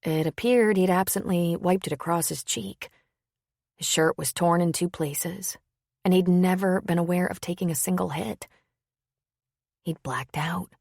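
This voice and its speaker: Woman reading an audiobook, steady and even, dry close sound. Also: lowish voice, gravelly, dry recording. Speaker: audiobook narrator. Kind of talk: scripted narration.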